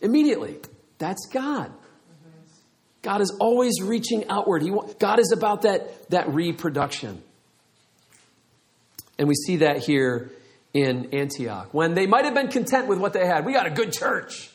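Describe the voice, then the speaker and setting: A middle-aged man preaching a sermon, telling a story with lively acted-out quotes. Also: sits high, unhurried, long pauses. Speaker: pastor.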